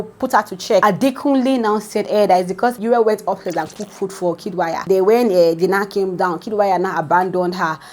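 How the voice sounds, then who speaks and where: A woman with a Nigerian English accent hosting a celebrity gossip channel, telling the story in a lively, dramatic way. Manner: animated and dramatic, jumping high in pitch as she reacts. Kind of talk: casual gossip commentary.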